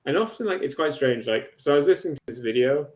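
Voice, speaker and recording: A man's voice: medium pitch, expressive, fast talker, a little mellow, reverberant. A man co-hosting a podcast, talking through a point in a thoughtful, hedging way. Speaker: podcast co-host. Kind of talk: casual conversation.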